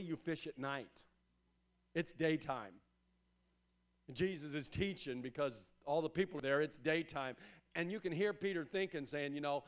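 A man preaching a sermon as pastor, emphatic and repetitive, building to loud exhortations. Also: sits high, smooth.

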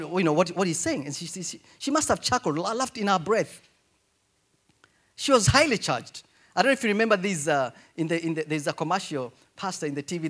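A male pastor delivers a sermon with a high, strikingly lively voice. He swings between hushed, confiding asides and loud, emphatic calls to the congregation.

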